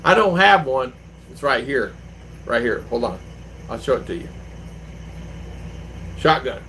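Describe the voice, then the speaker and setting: A man's voice: mid-range voice, very animated, measured pace, bright, forceful tone, slight background noise, rough recording. An older man hosting a livestream, chatting in a rambling, storytelling way. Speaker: livestream host. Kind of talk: casual livestream chat.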